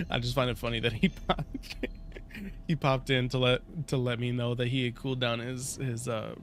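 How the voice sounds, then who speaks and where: A man's voice: mid-range voice, fairly even intonation, moderate pace. A man streaming a game who chats casually with his viewers. He swears and laughs often, and his talk is full of filler words. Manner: laid-back, profane, laughs often, filler-heavy. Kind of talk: casual live-stream chat. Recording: noisy game audio underneath.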